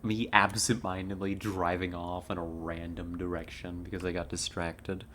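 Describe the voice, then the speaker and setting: A woman's voice: very deep voice, flat delivery, moderate pace, fairly bright tone, a little hiss or hum. A woman from California streaming a game, chatting with viewers in a laid-back, giggly way on a headset mic. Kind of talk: casual live-stream chat.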